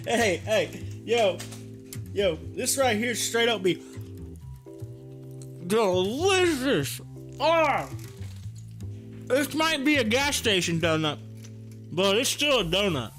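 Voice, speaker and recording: High-voiced joking male stream host. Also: pushed and bright. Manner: jokey, laughs often; talking while eating. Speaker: stock market livestream host. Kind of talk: casual livestream chat.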